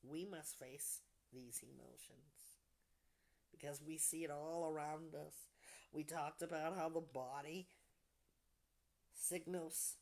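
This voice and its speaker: Slow, low-voiced woman host, soft and deliberate. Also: steady tone, vocal fry. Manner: slow, soft and deliberate, trailing off to near whispers. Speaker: podcast host leading a support group. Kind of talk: reflective talk to a group.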